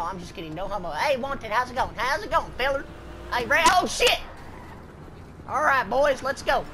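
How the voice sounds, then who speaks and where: A woman's voice: on the high side, noisy background. Rowdy, profane woman gamer on voice chat. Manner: loud, goofy and profane, drawling y'all and feller. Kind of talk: rowdy party chat while gaming.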